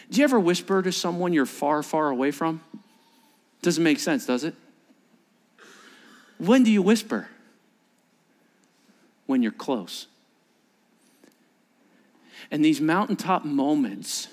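A male pastor preaching a sermon with animated storytelling, swinging from loud emphasis to hushed asides. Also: medium pitch.

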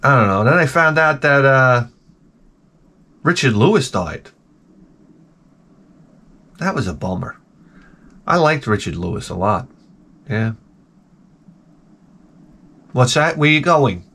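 A man's voice: mid-range voice, expressive, takes it slowly, long pauses, sharp tone. A middle-aged man telling rambling, self-mocking stories with casual swearing as a video host.

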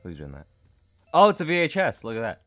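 A man's voice: mid-range voice, huge pitch swings, brisk, a bit bright, faint music behind. A young man commentating a horror game, reading dialogue aloud with nervous jokes and laughter. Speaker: gaming YouTuber.

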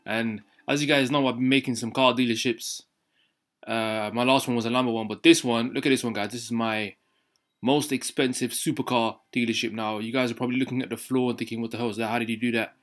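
A young man talks through a video game at a brisk clip, his voice sitting at an ordinary middle pitch. He keeps calling out to his viewers in a casual, slangy way, excited about what he is showing. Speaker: gaming YouTuber. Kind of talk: casual gameplay commentary.

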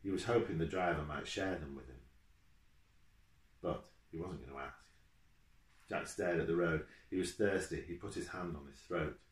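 A man reads his own children's book aloud in a steady, measured way. His voice sits low and deep. The sound rings in an echoey room at home, caught on a home video camera. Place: room at home, with his dog beside him.

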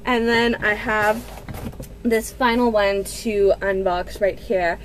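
A woman in her twenties, gushing and excitable in a casual unboxing vlog at home, with gasps and squeals. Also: mid-range voice, takes it slowly, a little hiss or hum. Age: 20s. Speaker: book vlogger.

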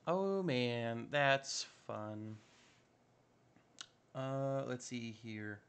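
A man's voice: mid-range voice, expressive, drawn-out words, fairly bright tone, clear, resonant tone. A man giving casual, upbeat commentary while playing a modded block-building game, chatting to himself as he builds. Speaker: Minecraft modpack let's-play host.

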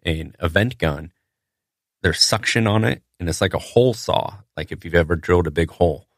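A man's voice: low-pitched, fast talker, no echo, clean studio sound. A man, a butcher hosting a podcast, casually telling how a poultry line works in a matter-of-fact way with frequent fillers. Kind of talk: casual storytelling.

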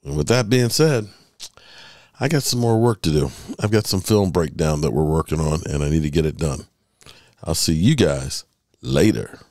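Sports podcast host, man, deep voice, emphatic commentary, drawn-out stresses, dry mic. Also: expressive, a little mellow, no echo. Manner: emphatic, stretches words for emphasis. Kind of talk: solo commentary.

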